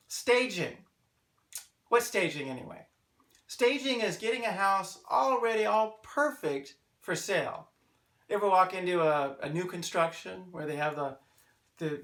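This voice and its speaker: Chatty American man in an echoey room. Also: sits high. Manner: energetic and chatty, asks himself rhetorical questions. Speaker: real estate agent. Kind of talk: promotional explainer video.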